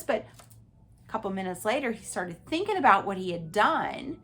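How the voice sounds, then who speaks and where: Animated woman with a lively, high voice. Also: brisk. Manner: animated, emphatic, talks straight to listeners. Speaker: podcast host. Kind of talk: personal storytelling monologue.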